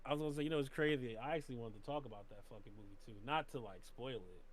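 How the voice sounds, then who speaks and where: A man's voice: medium pitch, very fast, slight background noise. A man co-hosting a casual podcast, talking animatedly and acting out quotes. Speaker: podcast co-host.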